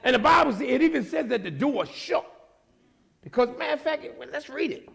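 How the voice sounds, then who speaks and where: A man preaching a sermon as pastor, animated, swinging from low asides to shouting. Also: fairly quick, creaky.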